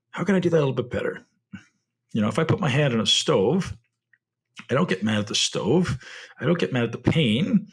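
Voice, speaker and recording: A man's voice: medium pitch, breathy edge. A man hosting a solo podcast, speaking reflectively and often ending points with rhetorical tag questions. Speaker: podcast host.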